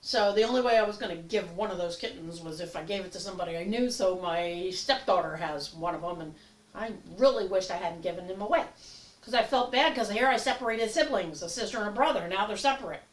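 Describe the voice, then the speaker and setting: A woman's voice: medium pitch, quick pace. Older woman vlogger, rambling stand-up-style chat, echoey room, mic at a distance. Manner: chatty, rambling, acts out voices. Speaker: comedy vlogger. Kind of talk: casual comic monologue.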